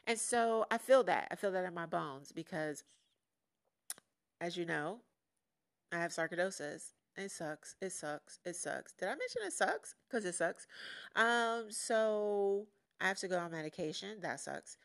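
A woman's voice: lowish voice, lively intonation, unhurried, fairly bright tone. A woman hosting her own podcast in a casual, candid solo monologue that turns motivational. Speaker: podcast host.

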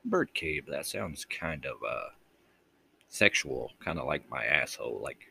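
A man hosting a casual late-night solo podcast from his bedroom, talking low and quietly, rambling and crude and mocking himself. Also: animated, moderate pace, creaky, slightly rough. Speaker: podcast host. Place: bedroom at home with the door shut.

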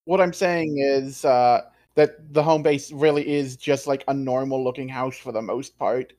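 A man's voice: mid-range voice, steady tone, a little slow, darkish tone. A man playing a tabletop game, explaining his character's world in a loose, rambling way. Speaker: player. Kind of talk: tabletop role-play.

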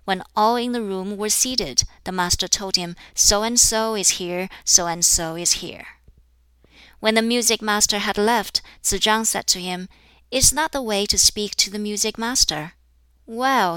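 A woman narrates an audiobook of an old classic in a steady, deliberate reading. Her voice is bright and ringing, clean and smooth, and the sound is dry with no room around it. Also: lowish voice, dry recording. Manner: measured, deliberate reading, with dialogue read near her own voice. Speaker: audiobook reader. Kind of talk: scripted narration of a classic text.

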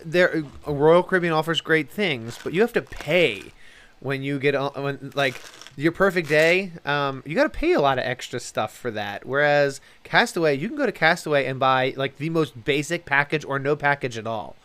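A man who works as a travel planner, co-hosting a casual chat, jokey and full of quick restarts and asides. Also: on the high side, expressive, a bit bright, clear, resonant tone. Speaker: travel planner and podcast co-host.

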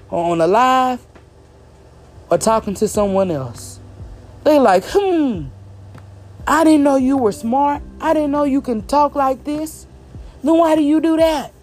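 Emphatic slow-talking Southern-born woman vlogger. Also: fairly high pitch, darkish tone. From Southern United States. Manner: deliberately slow, clear delivery; emphatic and exasperated. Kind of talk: direct-to-camera commentary rant.

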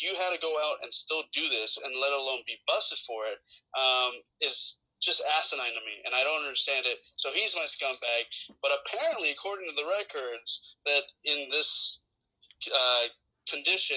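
A man on a sports podcast panel, telling stories in an animated, profane way and ranting in casual talk. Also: mid-range voice, normal speed, rough recording.

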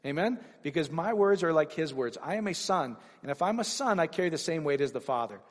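A man preaching a sermon to a congregation, animated and rising to excited exclamations. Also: fairly high pitch, fairly quick, big-room sound.

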